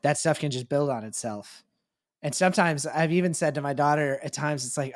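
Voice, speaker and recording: A man's voice: a little high, a little fast. A man and podcast co-host in casual chat, who lays out ideas thoughtfully and at length.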